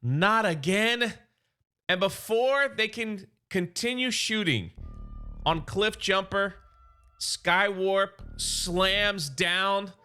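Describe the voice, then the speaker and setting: Casual male comics recapper, high and bright voice, excitable and chatty, faint music underneath. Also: slow, clear, resonant tone. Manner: excited, chatty storyteller paraphrasing characters. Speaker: comic book recap YouTuber.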